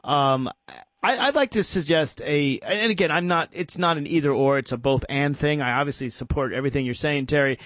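A man hosting a political talk radio show, arguing in an animated way and acting out imagined exchanges. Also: on the high side, brisk, no echo.

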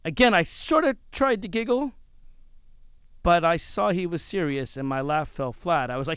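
A man who hosts talk radio, telling a personal story in an animated way. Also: on the high side, moderate pace, clean tone, no echo, dull audio. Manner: animated, acts out other people's lines.

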